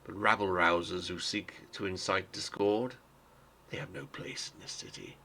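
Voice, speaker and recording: A man voicing a robed male council official who speaks smoothly and firmly with authority. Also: sits low, normal speed, pushed and bright, slight background noise, heavily acted. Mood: cold, firm. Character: stern male council official in crimson robes.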